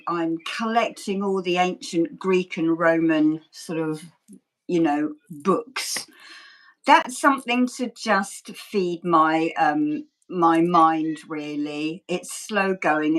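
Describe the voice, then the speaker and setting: A woman's voice: fairly low pitch, a bit bright. A woman, chatting as a guest over a video call, laughing often and poking fun at herself. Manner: laughs often, self-deprecating, rambling. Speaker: guest, ASMR creator and Reiki healer. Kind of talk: relaxed interview chat.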